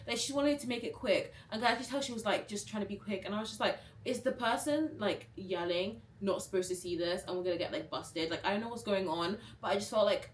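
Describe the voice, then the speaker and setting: A woman's voice: mid-range voice, fast, distant mic, a little hiss or hum. A young woman vlogger telling a storytime in a chatty, dramatic way, acting out what people said. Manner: chatty and dramatic, acts out quotes. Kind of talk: storytime vlog. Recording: roomy, a bit off-mic.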